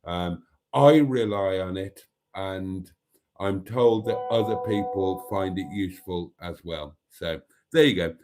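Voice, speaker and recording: A man's voice: sits low, a little slow, over loud music. A man hosting a casual live stream, rambling and self-mocking and laughing easily.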